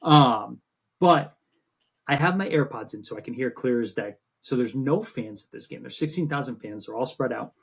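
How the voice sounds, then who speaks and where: Male podcast co-host, husky voice, chatty storyteller, casual sports banter. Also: medium pitch, normal speed. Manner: rambling, animated storytelling with swearing.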